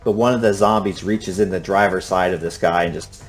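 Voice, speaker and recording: A man narrating a tabletop horror game as game master, speaking in a hushed, unhurried way with frequent restarts. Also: low voice, fairly even intonation, faint music behind.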